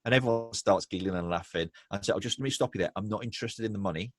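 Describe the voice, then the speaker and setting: A man speaking as a business guest in a conversational interview, animated and acting out the people he quotes. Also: lowish voice, rapid-fire, no echo, clean studio sound. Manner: animated storyteller, acts out quoted voices.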